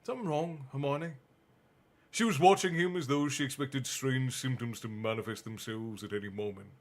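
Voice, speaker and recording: A man reading a bedtime story aloud on a stream and chatting with viewers in a relaxed, chatty manner. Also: medium pitch, a little fast. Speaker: stream host and reader. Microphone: streaming mic.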